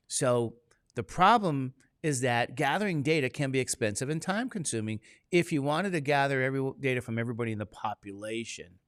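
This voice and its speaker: A man teaching a statistics class in a casual, conversational way. He keeps throwing questions at the room to draw the students in. His voice sits at an ordinary middle pitch, and the recording is close and dry. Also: a bit bright, dry recording. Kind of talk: classroom lecture.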